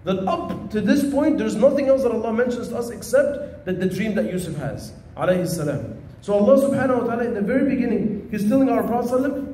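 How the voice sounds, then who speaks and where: High-voiced man teaching in an echoey room. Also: fast, hardly any pauses, a little hiss or hum. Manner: conversational, storytelling, animated. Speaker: Islamic teacher. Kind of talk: religious lesson.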